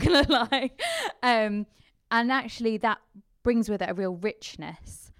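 A woman's voice: on the low side, clean tone, dry recording, clean studio sound. A woman vicar with a mixed English accent, with traces of Kent and Yorkshire, chatting as a podcast guest and laughing often. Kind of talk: casual interview chat.

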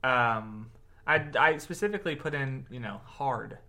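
Guy cohosting a podcast, bright tense voice, rambly, laughs a lot, restarts his sentences. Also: mid-range voice, animated, a little slow. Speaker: podcast co-host. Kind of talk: casual chat.

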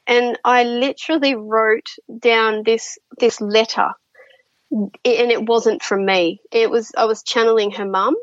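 A woman's voice: a little high, fairly even intonation, a little slow, no echo, highs cut off. A woman, a guest chatting through her experiences with lots of fillers and restarts. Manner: chatty, many fillers and restarts, laughs often. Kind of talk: casual interview storytelling.

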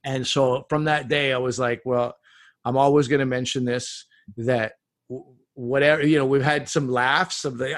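A man, a comedian guest, telling lively anecdotes in casual chat, acting out quotes as he goes. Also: mid-range voice, normal speed, dry recording, clean studio sound. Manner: animated anecdotes with acted-out quotes.

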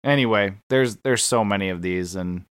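A man's voice: fairly low pitch, normal speed, fairly bright tone, clear, resonant tone, no echo, studio quality. A man co-hosting a podcast in casual chat, gushing and enthusiastic, often restarting his sentences. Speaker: podcast co-host.

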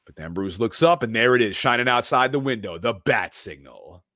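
A man's voice: mid-range voice, normal speed, dry recording, studio quality. A man co-hosting a podcast, casually retelling a film's plot scene by scene and acting out the characters' lines. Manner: animated retelling, quoting characters. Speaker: podcast co-host. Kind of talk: casual movie recap.

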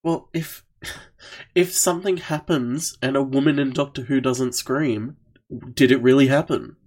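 Dry, teasing podcast co-host, mid-pitched, talks softly, laughs a lot. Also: steady tone, a little slow. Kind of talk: casual chat.

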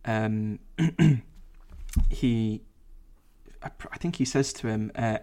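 A man's voice: on the low side, takes it slowly, long pauses, mellow. A man co-hosting a podcast, chatting casually in an easygoing, self-deprecating way. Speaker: podcast co-host. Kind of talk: casual chat.

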